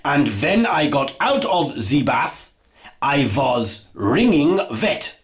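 A man putting on a heavy foreign accent for a joke, speaking slowly and theatrically as a man who cannot say W. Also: on the high side, sing-song, pitched above the performer's own voice, heavily acted. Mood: dramatic. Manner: slow, exaggerated put-on accent.

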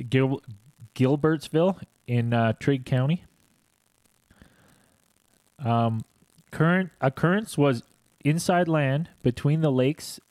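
A man's voice: medium pitch, a little mellow, no room sound. A young man co-hosting a casual podcast, joking and reading a report aloud. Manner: jokey, hams up animal noises. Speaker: podcast co-host.

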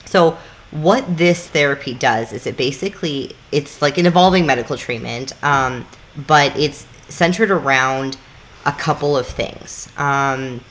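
A podcast co-host explains things in loose, casual chat, swearing freely and acting out little scenes. The voice is medium-pitched and unhurried with a fairly bright tone, plus a little hiss or hum in the recording.

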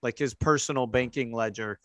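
A man's voice: mid-range voice, fairly even intonation, a little fast, dry recording. Man narrating a tabletop game. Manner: casual, explaining with restarts. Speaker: game master.

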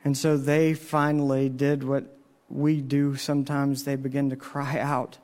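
A man's voice: mid-range voice, level tone, a little slow, darkish tone. A man preaching a sermon in an earnest, storytelling way, his voice rising on the questions he asks. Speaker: pastor.

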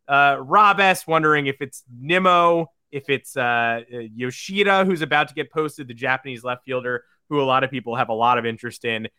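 A man's voice: medium pitch, moderate pace, hardly any pauses, sharp tone, smooth, dry recording, studio quality. A man co-hosting a sports podcast in upbeat casual talk, reading out listener questions. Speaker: podcast co-host.

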